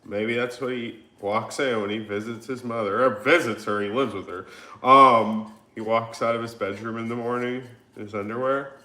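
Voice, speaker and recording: A man's voice: medium pitch, steady tone, moderate pace, bright, forceful tone. A man hosting a livestream, chatting casually and reading viewer comments in a laid-back, joking and profane way. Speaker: livestream host. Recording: echoey room.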